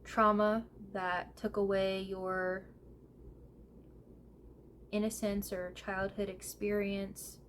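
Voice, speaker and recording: A woman reads tarot at a slow, unhurried pace, her delivery gentle and heartfelt. She speaks with pauses and fillers and sounds close to tears. A faint hum sits behind her voice. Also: medium pitch, level tone. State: tearful. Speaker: tarot reader. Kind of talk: slow, soft-spoken tarot reading. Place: home room, seated in a squeaky chair.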